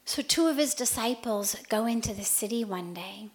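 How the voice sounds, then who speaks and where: A woman with a slightly higher-than-average voice hosts a spiritual radio talk. She tells a parable with animated energy, dropping to hushed tones and then rising to loud passages. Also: moderate pace. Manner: animated storyteller, shifts between hushed and loud. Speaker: spiritual teacher and radio show host.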